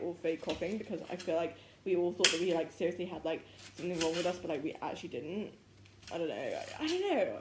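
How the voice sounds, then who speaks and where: A young woman chatting in a rambling, giggly way, full of "like" and "literally", while she cooks at home and keeps yawning from tiredness. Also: medium pitch. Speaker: vlogger. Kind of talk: casual chatty vlog while cooking. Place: home kitchen, indoors. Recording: echoey room with faint background noise.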